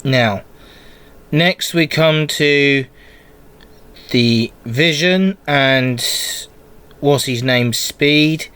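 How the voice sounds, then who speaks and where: Slow, rambling man. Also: medium pitch, fairly bright tone, clean tone. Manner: slow, rambling, restarts often. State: has a cold. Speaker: podcast host. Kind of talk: casual solo wrestling predictions.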